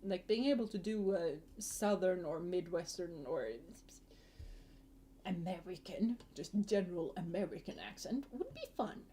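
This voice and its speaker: A woman's voice: mid-range voice, mellow, slight background noise. Chatty young woman. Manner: chatty, laughs often, rambling. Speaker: vtuber streamer. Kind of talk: casual chat to a live chat.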